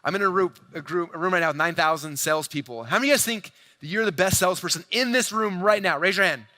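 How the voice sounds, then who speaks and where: Energetic male convention keynote speaker in his 40s, rapid pitch-heavy delivery, high-pitched and punchy. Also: slight background noise. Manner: fast, hyped, addresses crowd directly, acts out quoted dialogue. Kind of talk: energetic stage presentation. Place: large convention hall stage.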